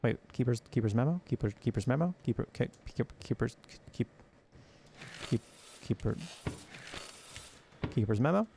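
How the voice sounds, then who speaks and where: A man's voice: mid-range voice, expressive, moderate pace, gravelly, long pauses, dark tone, a little hiss or hum. A man giving playful, goofy let's-play commentary while reading game text aloud. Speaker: gaming streamer.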